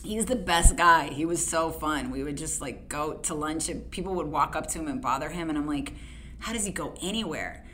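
A lively woman comedian talking in a loose, conversational way. Her voice sits on the lower side for a woman, and there's a faint hum of room noise behind her. She leans on "like" as she spins her stories. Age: adult. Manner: animated storyteller, quick and chatty, fond of "like". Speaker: comedian and actress. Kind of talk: casual chat.

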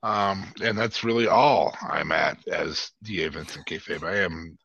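A man co-hosts a casual podcast with dry, joking asides. His voice is gravelly, with a rough, creaky edge. The sound is dull and dry, like a muffled lo-fi feed. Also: deep voice, measured pace, a bit bright, no room sound. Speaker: podcast co-host.

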